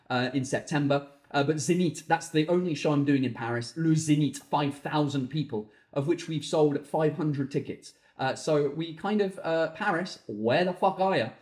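A man hosting a comedy podcast, telling exasperated stories in an animated, swearing comic monologue from his garden home office. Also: fairly high pitch. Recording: echoey room.

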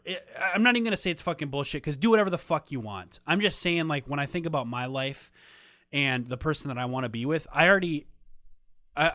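A man's voice: fairly high pitch, bright, forceful tone, no echo. Brief: man, open-hearted podcast talker, curses freely, trails off, dry sound. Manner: emotional, swears often, trails off with fillers. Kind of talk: casual candid conversation.

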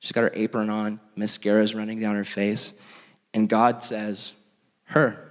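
A young man preaching as a youth pastor, telling stories in an animated, self-mocking way full of "like". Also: fairly low pitch, moderate pace. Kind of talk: storytelling sermon. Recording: long reverb of a large hall.

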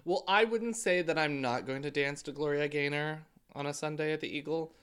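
A man's voice: fairly high pitch, a little fast, a bit bright, smooth. A man co-hosting a podcast in casual chat, wry and swearing casually. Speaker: podcast co-host.

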